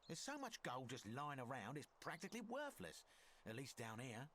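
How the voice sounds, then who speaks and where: An actor playing a shrewd, wry male merchant in an ancient Roman city, speaking in video game dialogue with a smooth, bargaining manner. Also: medium pitch, wildly swooping pitch, normal speed, fairly bright tone, slight background noise.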